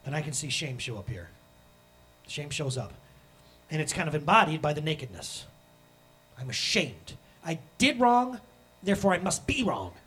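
A man in his thirties preaching a sermon as pastor, animated and acting out the voices he quotes. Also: on the high side, moderate pace, long pauses, slight background noise.

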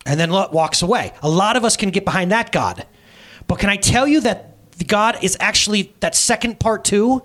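A man in his thirties preaching a sermon as pastor, telling a story in a casual, animated way. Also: high voice, moderate pace.

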